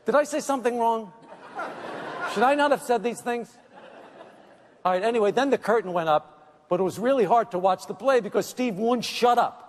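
Whiny high-voiced comedian in a hall. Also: male voice, moderate pace, pauses often. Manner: whiny, kvetching, mock-apologetic. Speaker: comedian giving a tribute speech. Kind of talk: comic roast speech. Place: large theater at an awards event. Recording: reverberant theater hall with audience. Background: audience laughter.

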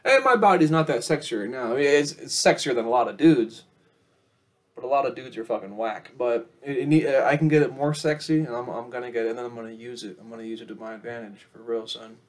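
A young male vlogger rambles casually and profanely to the camera, talking fast and lurching between loud outbursts and low mumbles.

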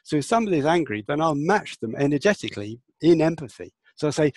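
A man talking as an interview guest about empathy, earnest and explanatory, often adding "yeah" and acting out lively replies. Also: fairly high pitch, fast talker, hardly any pauses, no room sound. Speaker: guest, empathy and communication teacher. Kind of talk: conversational interview talk.

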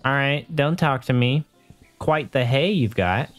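Man, let's play host, casual gameplay chatter, self-mocking, mutters reactions, mid-pitched voice. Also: animated, measured pace, faint music behind.

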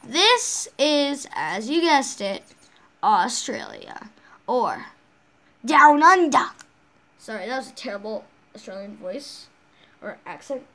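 A woman's voice: fairly high pitch, huge pitch swings, slow pace, a bit bright. A woman hosting a casual game walkthrough, rambling along with frequent restarts and self-corrections. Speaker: game channel host.

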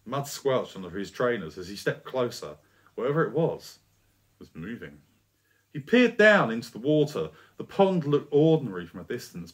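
Man reading a story, animated pitch. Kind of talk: scripted story narration.

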